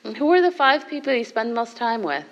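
A woman teaching as a meditation leader, giving a dharma talk to a group in a measured way, with soft laughs and asides of "right?". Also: a little high, sing-song, dull audio.

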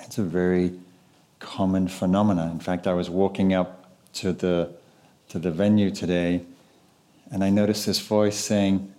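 A man teaching meditation in a live talk, speaking in an unhurried, conversational way and often asking the audience questions. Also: low voice, flat delivery, dark tone.

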